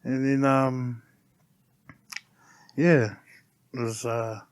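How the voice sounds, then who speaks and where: A middle-aged man, a podcast guest telling heartfelt personal stories in a soft, unhurried way and often laughing. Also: mid-range voice, level tone, no room sound. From New Zealand. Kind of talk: casual chat, personal storytelling.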